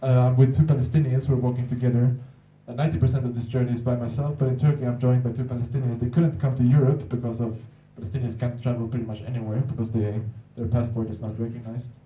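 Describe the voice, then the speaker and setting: Dark-voiced man telling stories. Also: mid-range voice, little pitch movement, fast talker, few pauses. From Sweden. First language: Swedish. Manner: amused, often laughs, acts out other people's lines. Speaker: speaker at a public talk. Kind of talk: anecdotal storytelling. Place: hall at a museum talk. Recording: roomy, distant, dull hall recording.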